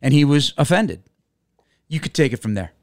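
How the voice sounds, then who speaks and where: Male podcast host, smooth clear voice, slightly high, dry close studio sound, flatly denies the teasing. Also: moderate pace, dry recording. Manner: dry, denying and teasing back. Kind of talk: casual sports podcast chat.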